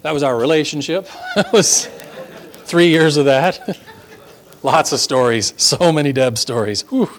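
Male pastor, sermon from the pulpit, voice a touch high, emphatic list-building delivery. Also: unhurried, pauses often. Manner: emphatic, building rhetorical lists. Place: church sanctuary before a congregation.

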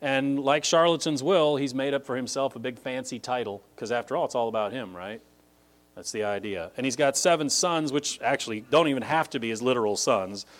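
Brief: male Bible teacher, conversational lecture, emphatic with sudden high pitch leaps on key words. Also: brisk. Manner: conversational, with frequent "like" and restarts.

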